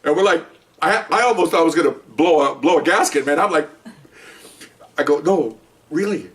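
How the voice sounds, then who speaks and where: Rambling ex-cop telling a story. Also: male voice, fairly high pitch, brisk, distant mic. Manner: rambling, animated storytelling with acted-out quotes and laughter. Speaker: retired police officer telling stories. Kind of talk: casual storytelling.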